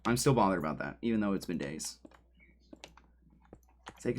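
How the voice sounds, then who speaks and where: A man's voice: low voice, expressive, normal speed. A man livestreaming from a home room, rambling and joking straight to his chat, sometimes drifting away from his desk mic. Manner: drifts away from the mic while moving around.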